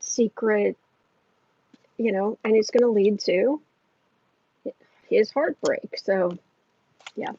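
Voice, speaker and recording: Husky woman hosting a tarot livestream. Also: fairly high pitch, a little mellow, dry recording. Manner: earnest, rambling, with frequent restarts. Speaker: tarot reader and livestream host. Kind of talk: casual livestream chat, reading viewer comments. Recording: dull lo-fi sound.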